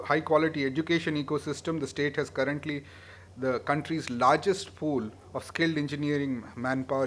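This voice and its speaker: Male speaker, formal conference address, measured delivery, average pitch. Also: slight background noise. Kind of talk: formal prepared speech.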